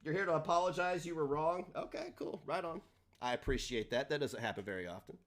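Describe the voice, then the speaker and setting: A man hosting a livestream, ranting in a combative, profane way, his delivery swinging between loud and soft. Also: a little high, brisk. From United States. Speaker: livestream host.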